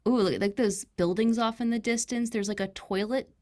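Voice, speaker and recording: A woman's voice: fairly high pitch, fairly even intonation, normal speed, darkish tone. Woman host, video call, laughs a lot, encouraging. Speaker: workshop host. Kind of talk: casual online workshop chat.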